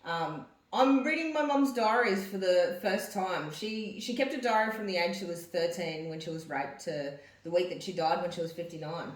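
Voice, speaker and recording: A woman talking casually to camera, then reading old diary pages aloud in a halting way with restarts. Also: fairly low pitch. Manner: halting, reads with restarts and corrections. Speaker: vlogger reading her mother's diaries. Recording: roomy echo.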